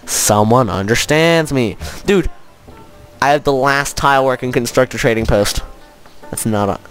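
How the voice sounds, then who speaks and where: A man's voice: medium pitch, moderate pace, a bit bright, soft background music. A man hosting a casual let's-play of a strategy game, joking and laughing often as he plays. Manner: playful, laughs often, jokey. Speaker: gaming channel host.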